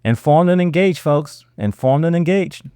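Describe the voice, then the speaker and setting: Animated, high-pitched sarcastic man. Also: normal speed, smooth, no room sound. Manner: sarcastic, animated, rhetorical questions. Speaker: host. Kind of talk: political reaction commentary.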